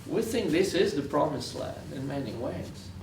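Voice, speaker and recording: A man's voice: a little high, animated, normal speed, reverberant, noisy background. A man from Israel giving a lecture, telling stories earnestly and repeating phrases for weight, recorded from far off in a university lecture room. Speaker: guest lecturer. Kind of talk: storytelling lecture.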